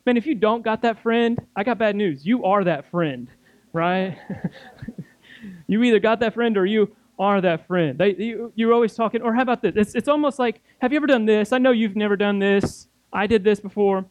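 A young man preaching a casual sermon to a youth group, acting out scenes in playful, animated voices. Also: sits high, normal speed, no echo.

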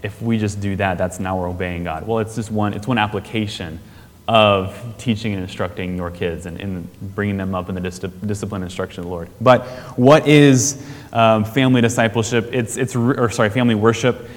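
Man, lowish voice, chatty church teacher, long reverb hall, keeps checking in with "right?". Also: steady tone, fairly quick. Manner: conversational, asks the audience questions, frequent "right?". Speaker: teacher on family discipleship.

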